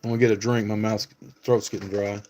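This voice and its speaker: A man's voice: lowish voice, level tone, fast talker, a little mellow, a little hiss or hum. A man hosting a casual live stream, talking to viewers by name and thinking aloud with many fillers. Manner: talks back to chat viewers by name.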